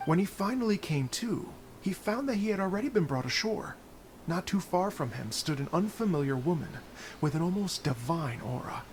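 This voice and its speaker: An actor playing a gentle, courteous traveling musician who speaks softly and tells stories at length. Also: male voice, high voice, lively intonation, normal speed, a little hiss or hum. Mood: storytelling. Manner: soft-spoken, storytelling.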